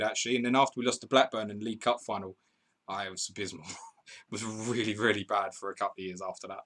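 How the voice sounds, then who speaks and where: A man's voice: on the low side, fairly even intonation, brisk, sharp tone. A man hosting a live football stream, reading viewers' comments and calling match updates in a chatty, bantering way. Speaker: podcast host.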